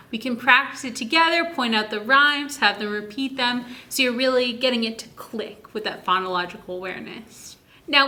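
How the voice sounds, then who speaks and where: A woman explains reading tips to parents in a bright, clear voice that sits a little high. She speaks in a friendly, encouraging teacher's manner and sometimes draws words out very slowly so each sound can be heard. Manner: slow, stretched-out words to demonstrate sounds. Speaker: early literacy educator. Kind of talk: instructional video talk to parents.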